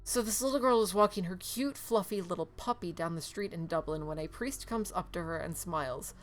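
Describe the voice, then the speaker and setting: Sarcastic woman streamer, lowish voice. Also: brisk, hardly any pauses, faint music behind. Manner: sarcastic, wry asides and frequent laughter. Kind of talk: casual let's-play commentary, reading in-game emails aloud.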